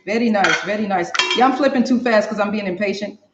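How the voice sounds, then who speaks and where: A woman's voice: medium pitch, fast, noisy background. A woman hosting a live cooking demo from her kitchen, talking straight to viewers and laughing often. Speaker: cooking show host. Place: home kitchen. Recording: echoey kitchen, dull lo-fi sound.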